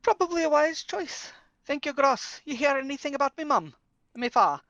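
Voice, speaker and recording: A woman's voice: high-pitched, lively intonation, normal speed, a bit bright, no echo, dull audio. A woman playing a tabletop game, speaking in character in a playful, slangy way. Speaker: player.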